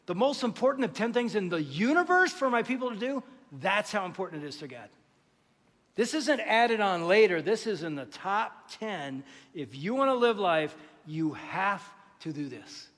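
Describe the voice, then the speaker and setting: A man preaches a sermon from a church stage, his voice sitting high for a man. He is lively and joking, stopping often to quiz the congregation. The sound carries a long reverb. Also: normal speed. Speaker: pastor. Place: church sanctuary.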